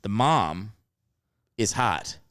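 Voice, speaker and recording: Smooth-voiced man chatting on a podcast. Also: very slow, dry recording. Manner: rambling, animated, acts out quotes in high voices. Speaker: podcast host. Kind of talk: casual comedic chat.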